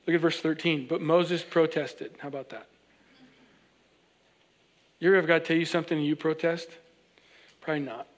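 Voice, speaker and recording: High-voiced guy preaching in church, reads scripture then jokes around doing the characters. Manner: animated and joking, reads scripture aloud and acts out characters in quick asides. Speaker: pastor. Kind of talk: sermon. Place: church sanctuary.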